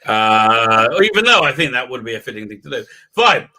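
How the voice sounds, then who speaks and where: A man hosting a live stream, talking in a sarcastic, profane way and often breaking into shouts. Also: mid-range voice, big pitch swings, normal speed. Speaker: show host. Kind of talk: mocking live stream commentary.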